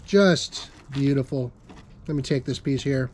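Slow-talking enthusiastic BBQ host, a man. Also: medium pitch, darkish tone, slight background noise. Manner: enthusiastic, tasting food while talking. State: talking with his mouth full. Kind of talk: casual cooking demonstration.

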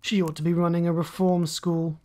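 A woman narrator voicing a blunt, indignant middle-aged father who talks gruffly and emphatically. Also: fairly low pitch, flat delivery, brisk, mellow, close to an everyday voice. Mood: stern.

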